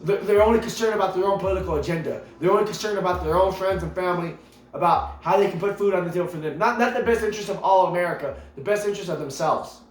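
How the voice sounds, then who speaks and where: Man, fairly high voice, preachy repetitive rant to camera; roomy echo. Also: fast talker. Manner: emphatic and preachy, stacks rhetorical questions; repeats himself, stumbles into restarts. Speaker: vlogger. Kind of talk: impassioned political rant to camera. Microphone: camera mic. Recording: echoey room with faint music behind.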